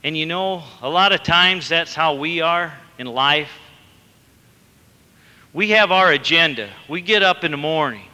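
A male preacher speaks slowly in a bright, forceful voice and tells a story, rising to emphatic bursts. His slightly high voice carries a long hall reverb. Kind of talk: sermon.

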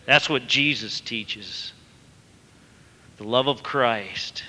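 A man's voice: medium pitch, drawn-out words, pushed and bright. A male preacher telling a story during a sermon and building up to emphatic bursts, in a long-reverb hall.

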